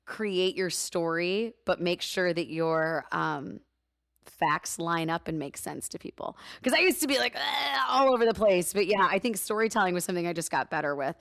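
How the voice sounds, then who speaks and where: A woman in her thirties, a radio host and guest, telling lively stories and acting out the voices of the people in them. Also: fairly low pitch, dry recording, studio quality. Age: 30s. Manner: animated storyteller, acts out voices in quotes, laughs often. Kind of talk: casual interview chat, storytelling.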